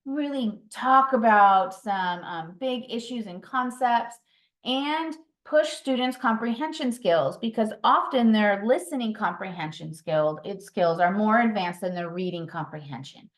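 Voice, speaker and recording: A woman's voice: medium pitch, measured pace. A woman leading a training session for reading mentors, explaining routines patiently with occasional ums and self-corrections. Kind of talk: instructional training talk. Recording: roomy echo.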